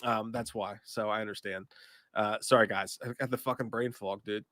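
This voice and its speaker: A man's voice: on the low side, steady tone, normal speed, a bit bright, no echo. Coughing, profane livestream host, a man. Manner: profane, jokey, reads chat comments aloud. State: congested, coughing from illness. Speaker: livestream movie podcast host. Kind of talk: casual livestream chat.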